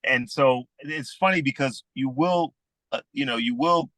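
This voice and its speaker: A man in his fifties with a Southern US accent, chatting easily as a podcast guest and telling stories in a relaxed way. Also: mid-range voice, unhurried, dry recording. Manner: easygoing storyteller, calls people "man". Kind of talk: casual conversation.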